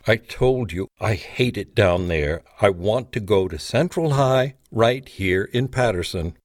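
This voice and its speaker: A man's voice: fairly low pitch, animated, a little slow, no room sound, studio quality. A man voicing a resentful teenage boy who answers back sulkily and defiantly in a storybook reading. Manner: sulky, defiant.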